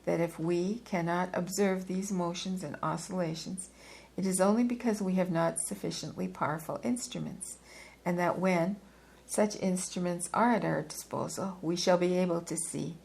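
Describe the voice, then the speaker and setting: Female reader, low gravelly voice, unhurried and deliberate, reads a philosophy text with occasional asides. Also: a little mellow, poor audio. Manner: measured, deliberate reading with occasional asides and self-corrections. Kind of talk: reading a philosophy book aloud.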